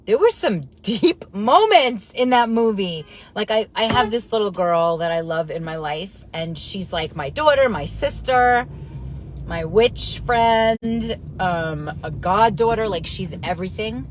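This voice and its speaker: A woman coach chatting casually to her audience, blunt and excitable, swearing freely and wandering off on tangents. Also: medium pitch, unhurried, slight background noise. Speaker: host, coach. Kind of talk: casual live-stream chat.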